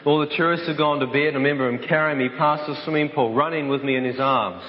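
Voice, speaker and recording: A man telling a dramatic personal testimony to an audience, vivid and animated, acting out the voices in his story. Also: a little high, fast. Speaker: speaker giving a testimony. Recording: echoey hall, dull sound.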